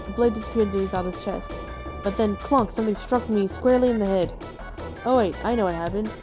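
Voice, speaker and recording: A woman's voice: medium pitch, brisk, over music. A woman streamer reading a game's story aloud, breaking off for playful, chatty asides. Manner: playful, chatty asides between read lines. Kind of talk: casual read-aloud with asides.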